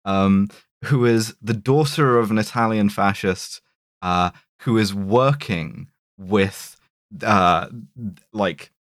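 A man co-hosting a casual film discussion podcast, animated and rambling, often restarting his sentences and laughing. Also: lowish voice, no echo, studio quality. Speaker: podcast co-host.

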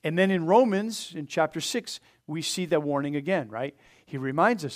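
A man pastor preaching a sermon, earnest, pressing his points hard and then letting them fall soft. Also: on the high side, normal speed. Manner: earnest preaching with rising emphasis and soft drop-offs; asks the congregation to open their Bibles.

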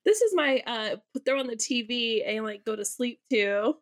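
Woman, podcast guest, somewhat high voice, nervous, laughs often, self-deprecating, casual chat. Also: moderate pace.

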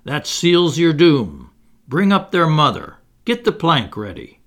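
A man reads as a sneering, pompous pirate captain from a storybook, loud and commanding. The voice swings widely and keeps a gravelly edge as he bellows orders and gloats over his captives. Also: very animated, normal speed, heavily acted. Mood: roaring, commanding. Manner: booming, gloating, theatrical. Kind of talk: audiobook character reading.

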